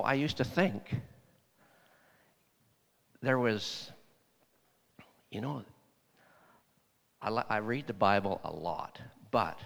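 A man's voice: on the low side, gravelly. A man preaching in a conversational, folksy way, retelling talks with a lot of "I said" and "he said". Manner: folksy storytelling, repeating "I said" and "he said". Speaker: lay preacher. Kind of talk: conversational sermon. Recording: long hall reverb.

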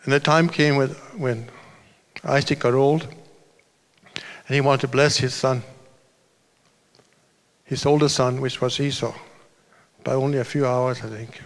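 A man's voice: medium pitch, steady tone, a little slow, long pauses. A man preaching a sermon as a pastor, telling a story in a loose, conversational way with restarts and asides.

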